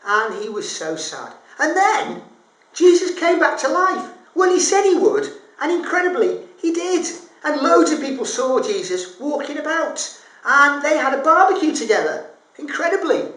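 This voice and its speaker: A woman leads a children's assembly, telling a story in a fairly high voice. Her delivery is expressive, lifting with excitement and dropping to a hush. The recording sounds roomy and echoey. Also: normal speed. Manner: expressive, rises and hushes for effect. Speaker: assembly leader.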